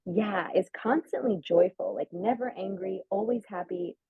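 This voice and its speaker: Husky woman telling a story over a phone-like line. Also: mid-range voice, moderate pace, dry recording. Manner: chatty, full of "like", acts out quoted lines. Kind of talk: casual storytelling on a livestream. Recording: narrow phone-like sound, dry.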